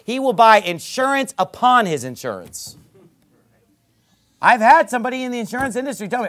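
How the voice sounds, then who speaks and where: A man preaching a sermon to his congregation, swinging from quick asides to loud, emphatic stresses on key words. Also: very high-pitched, animated. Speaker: pastor. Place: church service.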